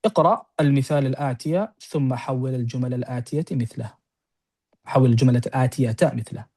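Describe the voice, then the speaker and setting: A man teaching an Arabic lesson to a class, explaining quickly and often checking in with "right?". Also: medium pitch, dark tone. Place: classroom with students on-site and online.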